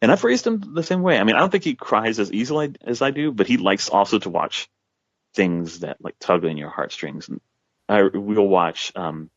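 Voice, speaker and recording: A man in his forties with a deep, low voice talks through a casual podcast conversation. He rambles, restarts sentences and leans on fillers. The recording is dry and slightly dull. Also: lively intonation, normal speed, no echo. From south Texas. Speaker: guest author.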